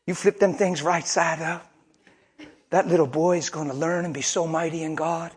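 A man's voice: fairly high pitch, fairly even intonation, moderate pace, breathy edge. A male preacher delivering a sermon in a folksy, colloquial and emphatic storytelling manner.

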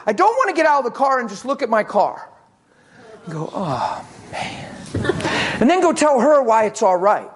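A man preaching a sermon, telling a story with lively acted-out quotes and swings between loud and hushed. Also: extremely high pitch, quick pace, few pauses.

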